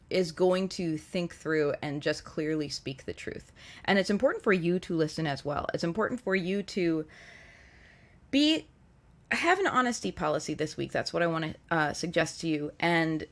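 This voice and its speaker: A woman hosting a casual live-stream tarot reading, earnest and reflective as she gently advises her viewers. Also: on the low side. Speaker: tarot reader and show host.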